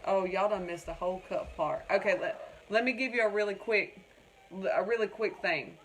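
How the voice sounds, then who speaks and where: A woman's voice: medium pitch, moderate pace, slight background noise. A woman hosting a casual craft livestream, rambling and chatting with viewers in the comments.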